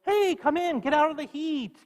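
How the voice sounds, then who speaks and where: A man voicing an old male patriarch who warmly welcomes guests into his tent. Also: extremely high pitch, moderate pace, long reverb tail, pitched above the performer's own voice. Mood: welcoming.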